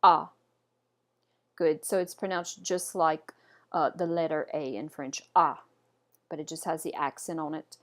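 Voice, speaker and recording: A woman teaching French pronunciation in a patient lesson, saying each word slowly and repeating it for learners. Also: low-pitched, fairly even intonation. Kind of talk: instructional lesson. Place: indoors, camera off.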